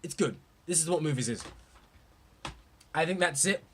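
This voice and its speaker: A young man ranting about movies in a profane, excitable, rambling way. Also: on the high side, moderate pace, husky. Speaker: movie vlogger. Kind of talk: casual ranting commentary.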